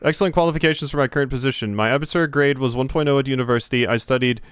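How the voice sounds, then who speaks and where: A man's voice: medium pitch, very fast, fairly bright tone, clear, resonant tone, dry recording, clean studio sound, natural voice. Man putting on a pompous German bureaucrat. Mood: officious. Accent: put-on German. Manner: officious, clipped, self-important. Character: stiff pompous male German bureaucrat, middle-aged.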